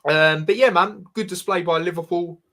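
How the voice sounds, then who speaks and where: A man's voice: sits high, moderate pace, sharp tone. A man hosting a casual football review, rambling with lots of fillers. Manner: rambling, frequent fillers like "you know" and "man". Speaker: podcast host.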